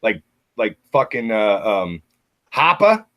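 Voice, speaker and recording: A man's voice: mid-range voice, big pitch swings, moderate pace, fairly bright tone. A man ranting and swearing in casual stream banter.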